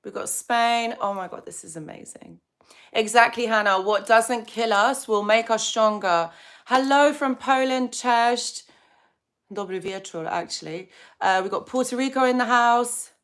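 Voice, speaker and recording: A woman hosting a casual live stream, chatting warmly and greeting viewers by name. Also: a little high, measured pace. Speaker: psychology channel host.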